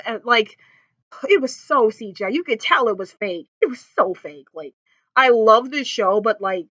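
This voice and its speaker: A woman's voice: fairly high pitch, animated, unhurried, bright, forceful tone, dry recording, lo-fi sound. A woman vlogger sitting on the floor at home, gushing and rambling about a TV episode with lots of fillers. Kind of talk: casual chat.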